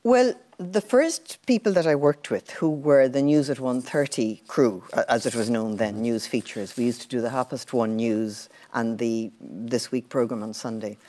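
An older Irish woman, a former television journalist, telling anecdotes in a relaxed interview. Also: extremely low pitch, moderate pace, hardly any pauses. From Ireland. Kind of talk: casual storytelling.

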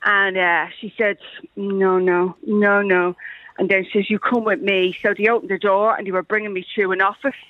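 A woman's voice: medium pitch, little pitch movement, normal speed, no echo. An Irish woman calling into a radio show, telling a story animatedly and acting out the voices in it. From Ireland. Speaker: radio caller. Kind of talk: phone-in storytelling. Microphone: telephone. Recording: muffled phone line.

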